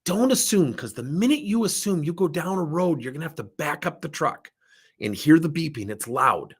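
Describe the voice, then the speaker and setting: A man's voice: fairly high pitch, moderate pace, husky. A middle-aged man, a leadership coach giving a workshop talk, telling stories and acting out both sides of the dialogue. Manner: animated storytelling, acting out dialogue.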